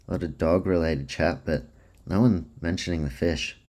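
A low, mellow-voiced man hosts a solo sports podcast in a loose, chatty way. He rattles through lists of names, jokes at his own expense and complains of a dry mouth. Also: fairly even intonation, normal speed. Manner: chatty, self-deprecating, runs through name lists. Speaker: podcast host.

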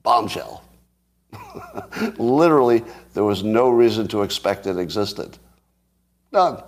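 Sarcastic low-voiced man riffing on headlines. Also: lively intonation, measured pace, a little mellow. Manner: sarcastic, mock-outraged asides; thinks aloud with restarts, chuckles. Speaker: commentary host. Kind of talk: solo news commentary.

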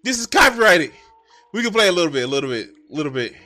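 A man's voice: medium pitch, sing-song, rapid-fire, a bit bright, faint music behind. A man live-streaming his reactions, playful, teasing and profane.

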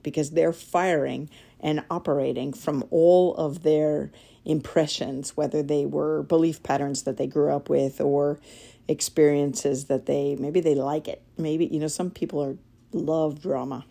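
A woman hosting a casual spoken podcast as an energy healer, chatty and animated, laughing often. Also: deep voice, measured pace, creaky.

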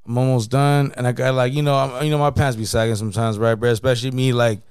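Guy spinning a story fast, slangy and cussing a lot, smooth clean voice. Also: mid-range voice, level tone, darkish tone, no room sound. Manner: slangy, profane, constant "you know what I mean". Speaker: podcast co-host. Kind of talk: casual storytelling chat.

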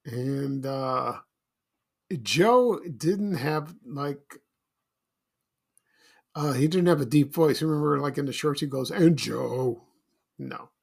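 A man's voice: a little high, slow pace, gravelly, pauses often. A middle-aged man from Chicago hosting a casual solo podcast, rambling and nostalgic with many fillers and restarts. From Chicago, USA. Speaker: podcast host.

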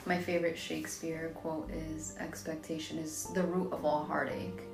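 Easygoing woman with a lowish voice. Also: moderate pace, reverberant, over music. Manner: easygoing, agreeable, laughs often. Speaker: podcast co-host. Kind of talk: casual chat.

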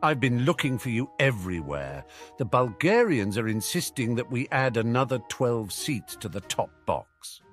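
A man's voice: mid-range voice, big pitch swings, normal speed, soft background music, lightly acted. Man voicing a stern, disdainful ministry official. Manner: clipped, sternly formal.

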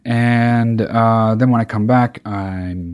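A man's voice: medium pitch, fairly even intonation, extremely slow, clean tone. A man hosting a podcast, talking alone in a casual monologue, ranting with emphatic profanity and frequent restarts. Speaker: podcast host.

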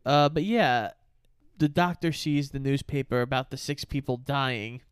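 Co-host, casual film talk, wry asides, smooth mid-pitched voice. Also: a little slow, no echo, clean studio sound. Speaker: podcast co-host. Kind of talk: casual chat, film review.

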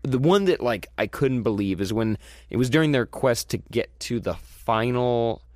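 A man's voice: medium pitch, expressive, moderate pace, a little mellow, dry recording, studio quality. A man hosting a casual movie review chat, talking enthusiastically with frequent restarts and rambling sentences. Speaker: movie review podcast host.

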